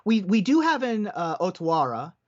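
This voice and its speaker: A man's voice: sits high, very animated, normal speed. A man commentating a card game tournament live, giving analytical play-by-play. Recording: dull lo-fi stream audio.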